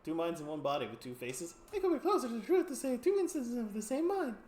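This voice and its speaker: A man voicing a polite two-faced carnival sideshow man in a video game, speaking in a genteel, gently amused way. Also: very high voice, big pitch swings, fast talker, echoey room, voice pushed up. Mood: politely amused.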